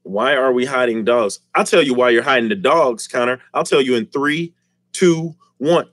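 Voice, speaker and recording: A man's voice: medium pitch, normal speed, fairly bright tone, no room sound, studio quality. A man hosting a casual live stream, joking and teasing the chat and laughing often. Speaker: livestream host.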